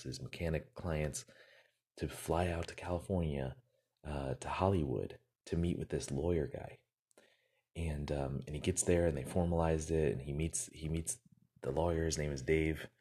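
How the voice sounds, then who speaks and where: A man's voice: rumbling low, steady tone, unhurried, darkish tone, breathy edge. A man giving an earnest, motivational casual talk, rambling with fillers and repeated words.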